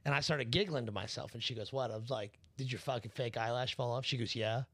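A man's voice: mid-range voice, fast, a bit bright, no echo. Man, podcast co-host, loose and profane storyteller, dry close sound. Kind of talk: casual chat.

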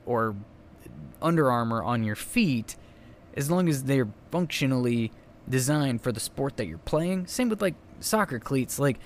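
A man's voice: medium pitch, lively intonation, a little slow, slight background noise. A young adult man hosting a solo podcast, talking in a chatty, rambling way with many asides and self-corrections. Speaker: podcast host. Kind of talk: casual solo podcast commentary.

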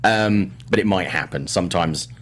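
A man's voice: deep voice, moderate pace. A middle-aged man with an English accent, hosting a casual movie chat show, rambling and self-deprecating with many fillers. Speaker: host.

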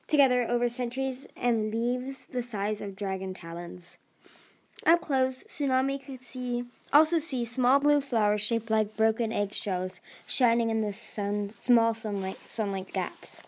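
A woman's voice: a little high, darkish tone. A woman reading a dragon fantasy novel aloud as an amateur narrator, with frequent slips and restarts.

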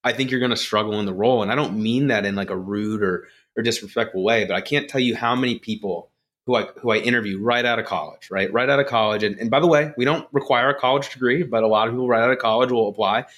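A man's voice: mid-range voice, fast. A man speaking as a guest on a podcast in casual conversation, reflective and often ending points with "right?". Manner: reflective, drops quieter when musing, frequent "right?" tags. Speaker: podcast guest, company co-founder.

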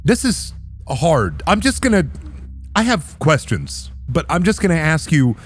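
A reluctant childlike arbiter, voiced by a man running a tabletop game, pitched above his normal voice. It stammers and sounds overwhelmed, eager to ask its questions and be done. Its pitch swings widely as it talks. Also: sing-song, a little slow. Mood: fed up. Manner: hesitant, fed up, stammering. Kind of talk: tabletop role-play voicing.

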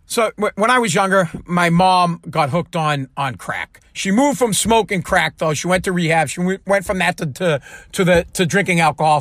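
A man, his voice strikingly high, rants bluntly and swears often. The recording is completely dry, with no room sound at all. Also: fairly bright tone, no echo. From United States. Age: adult. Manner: profane, blunt, heated. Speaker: speaker telling a personal story. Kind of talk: ranting monologue.

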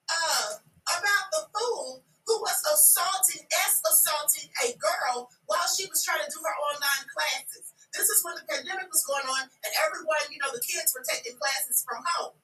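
A woman hosting a podcast, giving casual news commentary in an animated way and often dropping to a loud whisper. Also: sits high, moderate pace, distant mic. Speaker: podcast host. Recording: echoey room, away from mic.

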